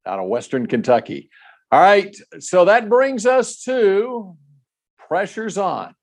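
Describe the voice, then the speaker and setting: Sports talk guy, chatty, pitch jumping all over, kinda high. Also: big pitch swings, slow pace. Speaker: sports show co-host.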